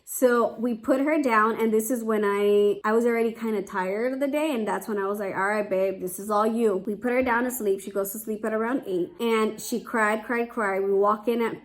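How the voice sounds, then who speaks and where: A woman's voice: fairly high pitch, steady tone, moderate pace, hardly any pauses. A young woman, a mother, chatting casually to camera, with a lot of "like" and restarts. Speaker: vlogger, mother.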